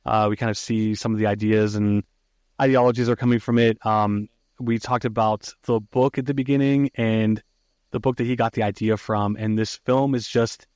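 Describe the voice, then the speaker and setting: A man on a podcast loosely retelling a film plot, with swearing and frequent "uh"s and "like"s. His voice is low, and the recording is dry and close with no room sound. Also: steady tone, normal speed, darkish tone, clear, resonant tone, no room sound. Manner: casual, profane, many fillers. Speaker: podcast host. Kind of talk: casual movie recap.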